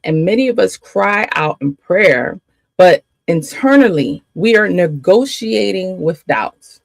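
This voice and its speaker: A woman's voice: lowish voice, lively intonation, slow, vocal fry, dry recording. A woman faith coach giving a spirited teaching, repeating phrases for emphasis and laughing often.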